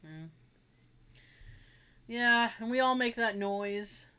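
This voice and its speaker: A woman's voice: a little high, slow pace, bright, forceful tone, clean tone. A young woman casually telling family stories, acting out relatives' voices, laughing and swearing as she goes. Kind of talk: casual storytelling chat.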